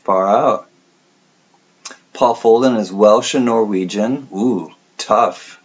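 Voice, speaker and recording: Slow, low-voiced livestream host. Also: male voice, dull audio. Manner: relaxed, chatty, reads out viewer comments. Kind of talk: casual livestream chat.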